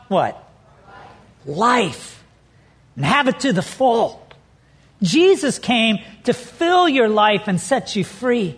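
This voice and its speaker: A man's voice: very high-pitched, very animated, slow pace, fairly bright tone, breathy edge. A middle-aged man preaching a sermon as pastor, telling stories with animation and leaning hard on key words.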